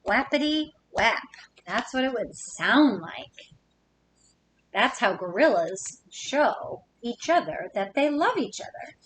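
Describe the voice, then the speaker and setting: A woman reads a children's picture book aloud, slow and unhurried. Her voice sits fairly high and swoops up and down with lively expression. She keeps turning to the children with playful questions. A faint low rumble sits under the recording. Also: low-quality recording. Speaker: children's story reader.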